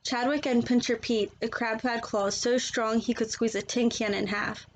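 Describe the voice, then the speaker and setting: A woman reading a children's picture book aloud in a gentle, expressive storytelling manner. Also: on the high side, normal speed, poor audio.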